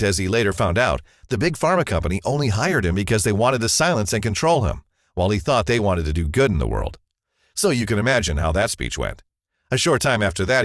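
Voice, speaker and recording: A man's voice: lowish voice, no room sound, clean studio sound. A man narrating a scripted first-person advertisement as a confessional story.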